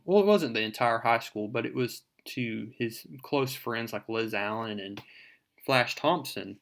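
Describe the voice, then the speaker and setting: Guy rambling through a comic recap, average pitch voice, lots of ums. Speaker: comic book reviewer. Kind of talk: casual comic book retelling.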